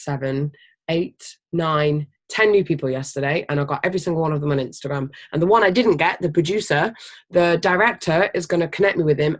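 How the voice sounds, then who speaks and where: Team leader, casual motivational training talk; emphatic, energetic, swears freely, mid-pitched. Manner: animated, energetic. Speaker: team leader of a health business.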